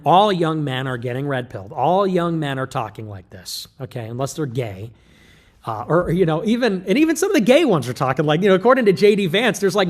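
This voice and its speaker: A man giving a rambling livestream monologue, breaking off mid-thought and starting again with quick asides. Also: a little high. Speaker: political streamer.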